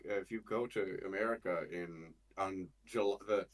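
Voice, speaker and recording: A man, a voice actor, talking casually as an interview guest in an animated, rambling way. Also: low voice, normal speed. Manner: animated and rambling, with many restarts.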